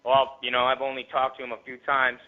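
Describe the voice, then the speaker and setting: A man guesting on a radio show, telling a rambling story with lots of profanity in a casual, animated way. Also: mid-range voice, quick pace. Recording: tinny phone line.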